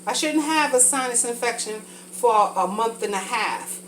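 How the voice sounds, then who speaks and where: A woman's voice: on the high side, lively intonation, normal speed, a bit bright, a little hiss or hum, low-quality recording. A woman talking casually and frankly while cooking for a vlog, rambling from thought to thought, a little congested from a sinus infection. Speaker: vlogger.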